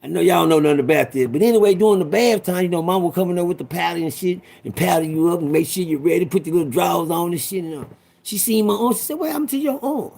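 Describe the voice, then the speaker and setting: A man's voice: high voice, fast talker, creaky, a little mellow. A man in his fifties telling a personal story in a rambling, profane way, talking straight to his listeners. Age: 50s.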